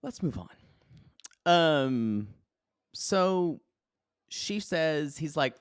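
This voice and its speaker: A man co-hosting a podcast, recapping a reality show in casual chat with sarcastic, animated retellings and quoted voices. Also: on the high side, drawn-out words, long pauses, smooth, dry recording, studio quality. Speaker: podcast co-host.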